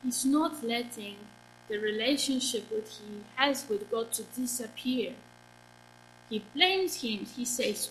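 Slow, high-voiced woman preaching. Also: a bit bright, a little hiss or hum, low-quality recording. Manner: earnest, asks the congregation questions. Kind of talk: sermon.

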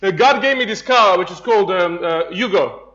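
A man's voice: high-pitched, moderate pace, fairly bright tone. A man from Serbia, preaching a humorous sermon, telling jokey stories with laughs and many restarts. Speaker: pastor. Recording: dull lo-fi sound.

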